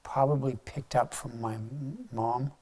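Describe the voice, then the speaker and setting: Older man, slow reflective speech, interviewee. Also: mid-range voice, steady tone, a little mellow, breathy edge. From Maine.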